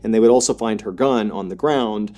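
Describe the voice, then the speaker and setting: A man narrating a true horror story in a conversational way, with frequent filler words and a voice that rises sharply in tense moments. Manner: quick, conversational, frequent filler "you know"; climbs high and loud in tense action. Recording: faint music behind.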